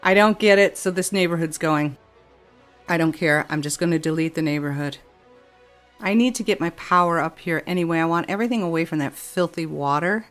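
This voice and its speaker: A woman's voice: low-pitched, a little fast, soft background music. A woman giving gameplay commentary as she plays a city-building game, exasperated and grumbling to herself about the controls. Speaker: game streamer.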